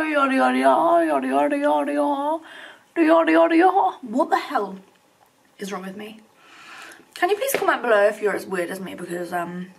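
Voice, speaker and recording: A woman's voice: a little high, a little hiss or hum. A young woman chatting casually to camera at home in her kitchen, playful and talkative while she eats. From England. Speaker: vlogger. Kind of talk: casual vlog chat to camera.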